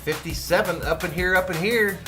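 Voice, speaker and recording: A man's voice: high voice, brisk, over music. A man hosting a fan watch party, calling the plays and joking with his chat. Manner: animated, jokey, reads chat names aloud. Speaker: fan host doing play-by-play. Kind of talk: live game call and chat reading.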